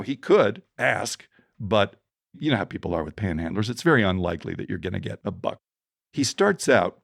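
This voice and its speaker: A middle-aged man with a low, gravelly voice talks through storytelling advice as a podcast guest. He is animated and acts out the people in his stories. The sound is close and dry. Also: no echo.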